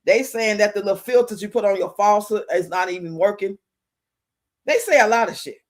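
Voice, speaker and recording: A woman's voice: medium pitch, fairly quick. A middle-aged woman hosting a livestream, chatting casually and telling stories, laughing often and acting out what people said. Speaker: livestream host. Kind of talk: casual storytelling chat.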